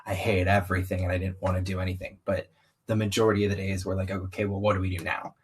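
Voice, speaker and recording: A young man with a slight Southern US accent, candidly telling his story in an interview, animated and full of "like" asides. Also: low-pitched, fast talker, a little hiss or hum, poor audio. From US, Southern-ish family. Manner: animated, frequent "like" asides, acts out quotes. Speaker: podcast guest.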